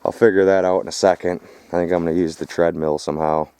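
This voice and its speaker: A man's voice: sits low, steady tone, quick pace, warm tone, clear, resonant tone, dry recording. A man vlogging outdoors at a rural property while hauling scrap, talking loosely to viewers with plenty of swearing and sometimes out of breath. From Michigan. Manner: loose, profane, addresses viewers as folks and boys. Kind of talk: casual vlog narration.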